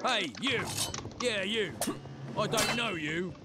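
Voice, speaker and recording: A man's voice: high-pitched, takes it slowly, loud music behind the voice. An actor playing a hostile male guard soldier in a video game, barking challenges at an intruder. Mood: barking alarm.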